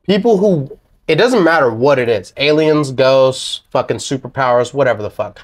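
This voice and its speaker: Young male co-host, sarcastic skeptic, profane and blunt, mid-pitched. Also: animated, normal speed. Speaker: podcast co-host. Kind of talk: casual chat.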